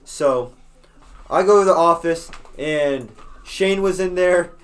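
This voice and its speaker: A man's voice: on the high side, slow. Rambling young man telling a story. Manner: rambling storyteller, swears freely, many fillers and restarts. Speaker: podcast co-host. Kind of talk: casual chat.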